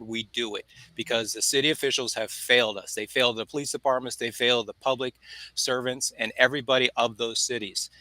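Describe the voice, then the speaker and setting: Podcast guy ranting hard, apologizes a lot, tense bright voice. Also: mid-range voice, dry recording, rough recording. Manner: heated, blunt, keeps apologizing. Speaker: podcast co-host. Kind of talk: casual podcast chat.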